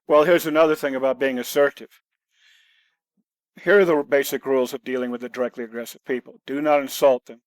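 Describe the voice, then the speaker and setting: Blunt man, mid pitch, dry close mic; plain-spoken podcast guest. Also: steady tone, fairly quick, clear, resonant tone, no room sound. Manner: blunt, matter-of-fact, rule-giving. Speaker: guest, self-defense author. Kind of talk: conversational podcast storytelling.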